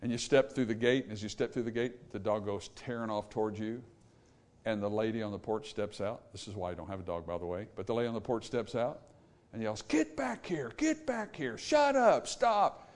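Brief: male pastor, fiery sermon delivery that drops to hushed pleading. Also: lowish voice, fairly even intonation, fast talker. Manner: fiery, swinging from loud emphasis to hushed pleading. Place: church sanctuary.

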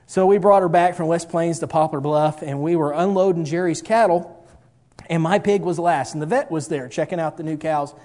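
Middle-aged guy spinning a folksy story, pokes fun at himself, kinda high voice. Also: normal speed, a little mellow. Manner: folksy, self-mocking. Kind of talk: personal storytelling with a moral.

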